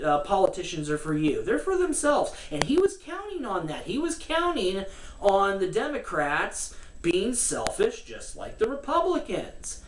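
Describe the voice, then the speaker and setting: A woman's voice: mid-range voice, recorded from a distance. A woman giving casual, sarcastic political commentary, cursing and laughing as she rants. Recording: roomy echo, from the mic, faint noise.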